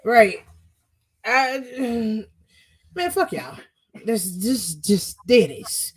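A young woman co-hosting a podcast, telling stories in a profane, animated casual chat. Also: on the high side, extremely slow, breathy edge.

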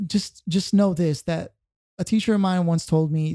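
A man's voice: sits high, fairly even intonation, normal speed, mellow, no echo, studio quality. A man hosting a podcast, chatting casually and speaking with conviction. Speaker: podcast host.

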